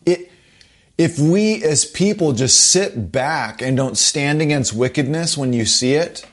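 A man's voice: fairly high pitch, expressive, unhurried. A man preaching a sermon with an emphatic, urgent, repetitive delivery.

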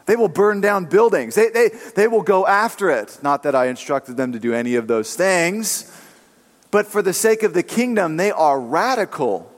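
A man's voice: sits high, lively intonation, normal speed. A man preaching a sermon as pastor, telling jokes and acting out the voices in his stories. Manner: jokey storytelling preacher, acts out quoted voices. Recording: long hall reverb.

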